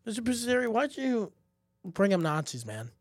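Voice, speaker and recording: A man's voice: high voice, normal speed, no room sound, studio quality. A young man co-hosting a podcast, casually telling a story and acting out the people in it with swings in voice and a lot of swearing. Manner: animated storyteller, acts out quotes in shifting voices, swears. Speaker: podcast co-host.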